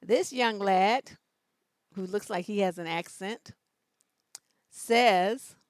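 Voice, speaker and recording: A woman's voice: mid-range voice, smooth, no room sound. A woman hosting a live-stream show as a relationship coach, talking bluntly with plenty of profanity and sass, stretching out words for emphasis. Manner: animated, drawn-out emphasis.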